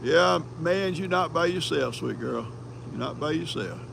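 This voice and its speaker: A man's voice: fairly high pitch, lively intonation, a little slow, vocal fry, background noise. An older man with a country accent, hosting a livestream in folksy, rambling casual chat and reading viewer comments. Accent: American country. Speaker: livestream host.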